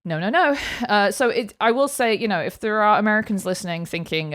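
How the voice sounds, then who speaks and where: A British woman co-hosting a podcast, telling stories in casual, animated chat. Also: medium pitch, brisk, hardly any pauses, clear, resonant tone, no room sound, studio quality. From Britain. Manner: chatty, animated storytelling. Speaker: podcast co-host.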